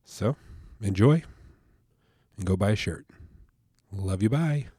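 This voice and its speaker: A man's voice: lowish voice, lively intonation, slow, dark tone, breathy edge, no echo, clean studio sound. A man hosting a podcast, talking in a laid-back, casual way with a stuffed-up nasal voice from allergies. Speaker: podcast host. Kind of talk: casual podcast intro and chat.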